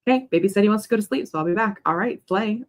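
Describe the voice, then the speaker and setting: A young woman talks in a loose, rambling way while she works, reading chat messages aloud and answering them. Every so often she breaks off to coo at her dog. Her pitch sits at a middle height. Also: racing. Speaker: writing livestream host. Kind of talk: casual chat during a co-working stream.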